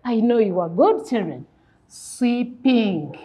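A woman's voice: on the high side, lively intonation, slow pace, dark tone, slightly rough. A woman teaching an English lesson to young children, speaking in a sing-song teacher manner and asking and answering her own questions. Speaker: primary school English teacher. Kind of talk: classroom lesson. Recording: dull lo-fi recording.

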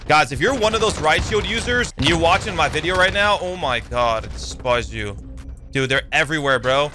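A young man rattles off live commentary on his own game, excitable and quick to yelp or swear. His voice sits a little high and swings widely in pitch. Gunfire and game sounds stay loud beneath him. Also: slight background noise. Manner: excitable, yelps and swears during fights. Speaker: gaming YouTuber.

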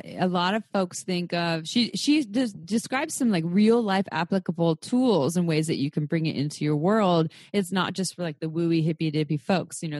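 A young adult woman co-hosting a podcast in casual chat, candid, swearing freely and laughing often with animated outbursts. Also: low-pitched, no room sound, clean studio sound. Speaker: podcast co-host.

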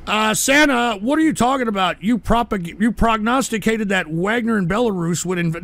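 A man's voice: high voice, moderate pace, gravelly, few pauses, a bit bright, no room sound. A male livestream host giving casual live-show commentary with profane, irritable rants.

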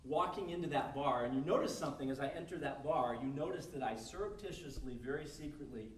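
A man's voice: medium pitch, fast talker, slight background noise. A male pastor preaching a conversational sermon to a congregation, acting out quoted scenarios along the way. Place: church service hall. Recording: echoey room miked from a distance.

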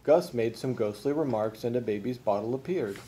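A man reading a children's storybook aloud as a father, with expressive, unhurried storytelling. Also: medium pitch.

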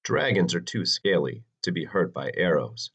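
A man narrating a children's storybook in an expressive, dramatic reading. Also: moderate pace, creaky, breathy edge. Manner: expressive, sweeping pitch for drama.

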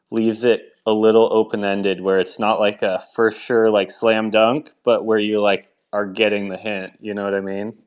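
A man's voice: on the low side, highs cut off. A man speaking as a guest in a casual audio chat, laid-back and conversational.

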